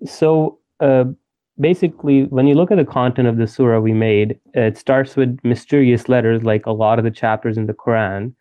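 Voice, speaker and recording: A man hosting a casual podcast chat, explaining at length with hesitant pauses. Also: medium pitch. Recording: dull lo-fi audio.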